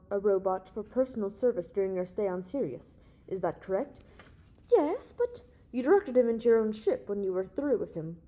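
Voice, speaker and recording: A woman reading the part of a young male space hero who lays out his case in a calm, authoritative, reasoning way. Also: medium pitch, close to an everyday voice.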